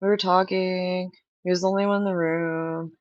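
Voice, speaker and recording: A woman's voice: lowish voice, flat delivery, normal speed, dry recording, highs cut off. A woman hosting a livestream, chatting candidly to viewers and rambling through stories with lots of fillers. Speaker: livestream host. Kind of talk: casual chat to stream viewers.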